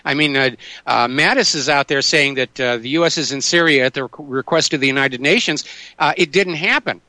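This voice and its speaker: A man's voice: medium pitch, brisk, sharp tone, no room sound. A man hosting a talk radio show and questioning a guest, cutting in with pointed remarks.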